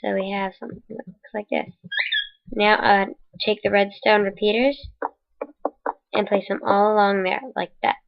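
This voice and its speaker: A woman's voice: medium pitch, steady tone, normal speed, vocal fry. A woman casually narrating a game building tutorial in voice-over, rambling and correcting herself as she goes, with the hiccups. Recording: dull lo-fi mic.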